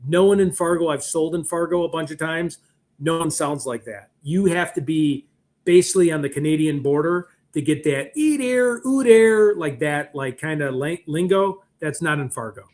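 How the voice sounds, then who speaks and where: A man's voice: on the high side, moderate pace. A middle-aged man with a Chicago accent, rambling and joking in a casual livestream chat as host. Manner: rambling, animated, joking asides. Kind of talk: casual live-stream chat.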